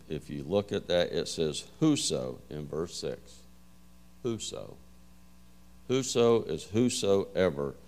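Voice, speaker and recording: A man preaching a Bible lesson in a folksy, conversational way, with frequent fillers and relaxed storytelling. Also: deep voice. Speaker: preacher teaching a Bible class. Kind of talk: sermon.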